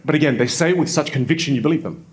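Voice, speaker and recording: A man's voice: a little high, rapid-fire, slight background noise. A man with an Australian accent, a communication coach demonstrating how rising and falling sentence endings sound. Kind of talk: instructional clip.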